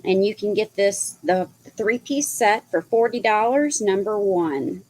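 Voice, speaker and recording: A woman's voice: mid-range voice, lively intonation, a little slow, a little mellow, poor audio. A woman co-hosting a live online sale, describing items plainly and giving their prices.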